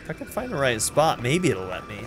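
A man's voice: mid-range voice, wildly swooping pitch, fairly quick, background noise. A man casually commenting on his own gameplay, exasperated, swearing and laughing at the game. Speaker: let's play gamer.

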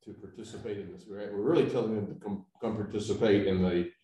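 A man in the audience of a class asks a thoughtful question. His voice is low and mellow. The room around him echoes. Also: fairly even intonation, quick pace. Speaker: class participant.

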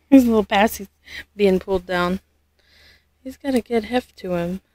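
A woman vlogging an unboxing, gushing and halting, often losing her words. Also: medium pitch, darkish tone, no echo. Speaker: vlogger unboxing a reborn doll. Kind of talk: casual unboxing vlog.

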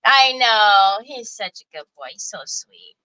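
Slow-talking bright woman. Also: medium pitch, expressive, smooth, low-quality recording. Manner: chatty, folksy exclamations, talks to viewers. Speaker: craft show host. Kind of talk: casual livestream craft chat.

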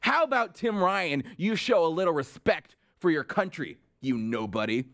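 A man with a high voice launches into a comedic political rant, mocking and incredulous. His pitch leaps all over the place as he fires off sarcastic jabs and disbelieving questions. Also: animated, normal speed, a bit bright. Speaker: political commentary host.

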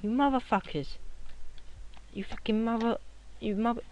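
A young man giving casual gameplay commentary at his computer, rowdy and swearing, often yelling at the game. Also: very high-pitched, normal speed, dull audio, slight background noise. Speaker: gaming commentator.

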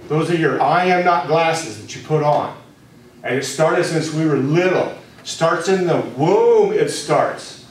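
A man teaching a spiritual course, speaking candidly to a small group and telling stories from his own life. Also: a little high. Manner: candid storytelling, speaks straight to listeners. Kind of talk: personal talk to a small group. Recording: very echoey room, from a distance.

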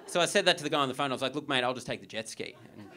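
A man's voice: mid-range voice, expressive, racing, a crowd in the background. A young Australian man doing a stand-up comedy set in a theatre, telling stories with swearing and acted-out dialogue. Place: theatre comedy club on stage. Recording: live stage recording with audience noise.

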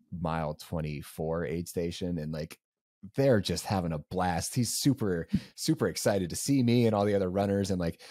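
A man's voice: sits low, warm tone, no echo, studio quality. A young man co-hosting a podcast, telling a race story casually and rambling with lots of fillers. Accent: Southern US. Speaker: podcast co-host.

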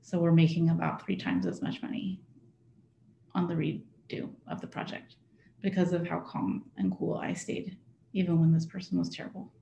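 A woman's voice: lowish voice, fairly even intonation, moderate pace, creaky, warm tone, muffled recording, a little hiss or hum. A woman presenting a workshop to a live audience, speaking conversationally and checking in with her listeners. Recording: echoey room.

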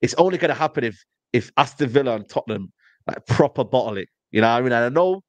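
A football podcast panelist with a fast, mid-range voice and no echo rants about football in casual fan banter. He tells animated stories, uses lots of slang, and keeps saying "you know what I mean."

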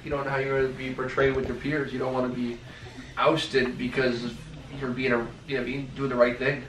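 A man's voice: medium pitch, little pitch movement, a little fast, a bit bright, recorded from a distance. A man with a middle-range voice gives dry, matter-of-fact remarks in a casual chat at home. He sits well away from the mic, so his voice comes through roomy and echoey with a faint hiss underneath. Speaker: husband and father. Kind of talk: casual family talk.

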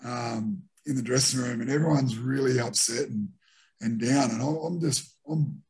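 Australian man, very husky voice. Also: mid-range voice, normal speed. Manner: animated anecdotes with re-enacted quotes. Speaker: former rugby league player, guest. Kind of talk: casual storytelling interview.

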